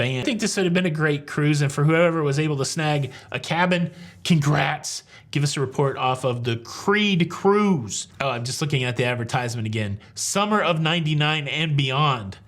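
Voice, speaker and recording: A man's voice: fairly high pitch, a bit bright. A middle-aged man hosting a cruise news show, talking casually with wry, sarcastic jokes and rambling asides. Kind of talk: casual comedic commentary.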